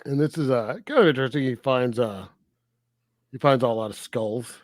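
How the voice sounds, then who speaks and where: A man co-hosting a film review podcast in casual chat, animated and laughing often as he retells scenes. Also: medium pitch, moderate pace, dry recording, studio quality. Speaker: podcast co-host reviewing films.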